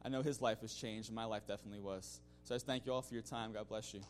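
Talking at a racing pace over very noisy audio, a man with a lowish voice and fairly even intonation gives a mission-trip testimony to his church congregation. He speaks loosely and conversationally, full of "you know" fillers and restarts, chuckling now and then.

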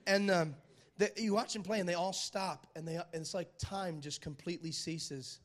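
A man's voice: sits high, normal speed. A man preaching a sermon who retells a film story with dramatic energy, repeats phrases for emphasis and keeps asking the listeners whether they are following him. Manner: animated, dramatic storyteller who asks the crowd for agreement.

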